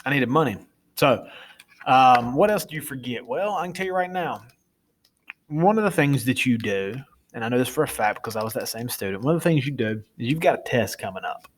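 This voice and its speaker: A man's voice: mid-range voice, animated, brisk, a little hiss or hum. Chatty man giving a casual lecture. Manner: chatty, informal, self-correcting. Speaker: teacher.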